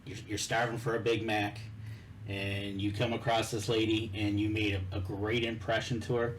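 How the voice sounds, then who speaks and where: Man, interview host, lowish voice, recapping guest's story, faint background noise. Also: level tone, normal speed, rough recording. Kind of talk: casual interview chat.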